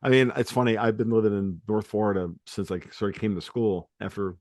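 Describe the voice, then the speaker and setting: A low-voiced man hosting a podcast chats casually, wandering through his thoughts and restarting sentences. He grew up in New York. The recording is dry and close. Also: fairly quick, darkish tone, no echo. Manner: rambling, many fillers and restarts. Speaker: podcast host. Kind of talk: casual chat.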